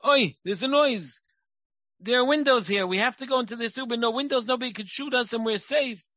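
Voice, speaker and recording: A man voicing a fearful mother urgently warning her children in a high, loud voice. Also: fairly quick, dry recording, lo-fi sound.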